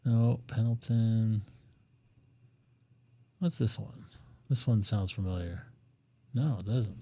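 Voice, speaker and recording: A man's voice: on the low side, slow pace, long pauses, warm tone. A man hosting a ham radio live stream, chatting casually and joking while he thinks aloud.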